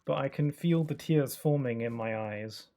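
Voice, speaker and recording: A man's voice: mid-range voice, moderate pace, dark tone. A man giving live commentary while streaming a game, joking and griping in a mock-dramatic, self-mocking way. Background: game music.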